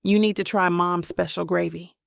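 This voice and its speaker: A woman voicing a playful grown son with a wry, good-humored manner in an audiobook, her voice slightly gravelly. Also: on the low side, fairly even intonation, moderate pace, dry recording, clean studio sound. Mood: teasing. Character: playful teasing man, family's grown son.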